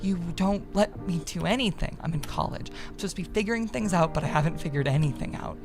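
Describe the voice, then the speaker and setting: A woman's voice: lowish voice, expressive, quick pace, a little mellow, soft background music. A woman voicing a frustrated young college woman who answers defensively and with exasperation while reading a visual novel aloud.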